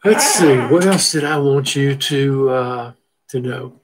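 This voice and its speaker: A middle-aged biology instructor gives a recorded lecture walking through a textbook figure, speaking slowly in a medium-pitched voice against background noise. His style is folksy, full of rhetorical questions and repeated terms.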